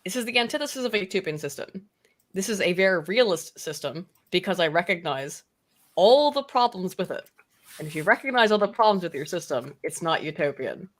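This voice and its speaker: A woman's voice: on the low side, lively intonation, fairly quick. Emphatic woman arguing her point. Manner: emphatic, argumentative, swears freely. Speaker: debate guest. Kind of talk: casual livestream debate.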